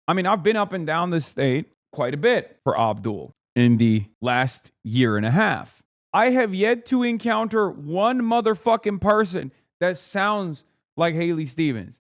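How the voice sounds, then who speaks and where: Sarcastic, profane streamer ranting. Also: male voice, mid-range voice. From United States. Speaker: political commentator and streamer. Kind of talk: live-stream political commentary.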